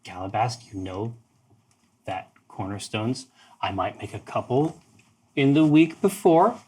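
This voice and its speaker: A man voicing a practical woman innkeeper who speaks in a steady, matter-of-fact way. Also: lowish voice, breathy edge.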